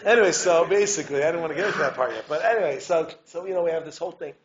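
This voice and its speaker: A man, a rabbi giving a community talk, telling stories in an animated way, acting out voices and dropping "right?" asides and restarts. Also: fairly high pitch, rapid-fire, crowd noise. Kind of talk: lively storytelling lecture. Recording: dull lo-fi recording with faint hiss.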